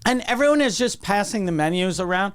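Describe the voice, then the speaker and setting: A man's voice: high voice, animated, clean tone. A young man co-hosting a podcast. He tells a story casually, swears and stops to restart sentences. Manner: profane, halting, with restarts and dry asides. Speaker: podcast co-host.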